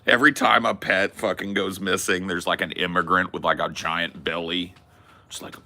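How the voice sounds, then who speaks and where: A man's voice: low-pitched, little pitch movement, moderate pace, sharp tone. A man hosting a comedy podcast, chatting casually with crude jokes and laid-back slang. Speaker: podcast host.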